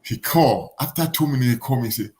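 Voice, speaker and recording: A man's voice: mid-range voice, fast talker, a little mellow. African guy in his 40s, boxer telling stories in broken english, acts out the voices. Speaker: guest boxer. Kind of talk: casual storytelling.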